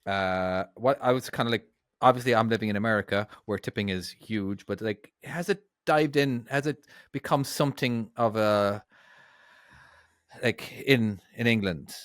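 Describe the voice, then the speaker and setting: A man's voice: fairly low pitch, normal speed, a bit bright, no echo, studio quality. A man co-hosting a trucking podcast, talking in an easygoing, chatty way with lots of fillers. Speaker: podcast co-host, truck driver. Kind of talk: casual podcast chat.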